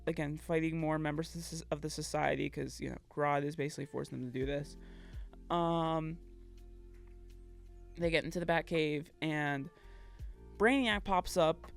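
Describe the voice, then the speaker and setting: A woman's voice: sits low, gravelly. A woman co-hosting a podcast, recapping a game story in casual chat, acting out the characters' lines and laughing often. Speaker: podcast co-host.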